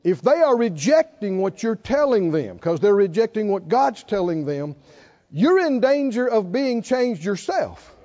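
A man's voice: high voice, very animated, a little slow, darkish tone. An older man preaching a sermon in an emphatic, folksy way with bits of humor, on a slightly dull lo-fi recording. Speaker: pastor.

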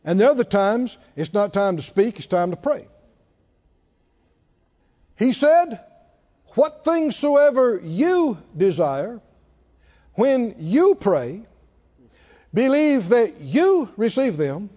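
A man's voice: very high-pitched, big pitch swings, slow, mellow. A man preaching a sermon emphatically, repeating and stressing words, his voice rising and dropping sharply. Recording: dull lo-fi recording in a reverberant hall.

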